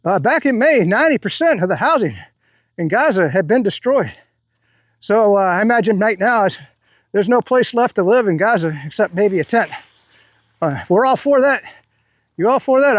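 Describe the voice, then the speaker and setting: A man rants through an online commentary in a sharply high voice, angry and biting with sarcasm. He rambles and doubles back as he talks. The recording is dry and close. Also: dry recording. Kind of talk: ranting commentary.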